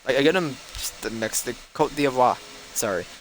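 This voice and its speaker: A man's voice: medium pitch, lively intonation, normal speed, a little hiss or hum, low-quality recording. A man streaming a game live, chatting casually and rambling, stumbling over words and laughing at his own mistakes. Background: loud game music.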